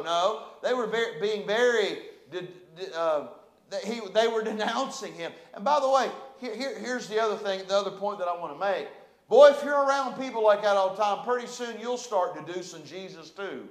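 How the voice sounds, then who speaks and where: A man's voice: sits high, a little fast, roomy sound. A man preaching a sermon as pastor, fervent and repetitive with emphatic delivery.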